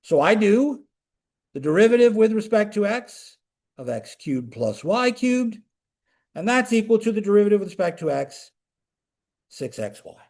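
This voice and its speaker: Male lecturer, high voice, live classroom delivery, engaging and step-by-step. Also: normal speed. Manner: animated, talks students through steps with questions. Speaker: calculus lecturer.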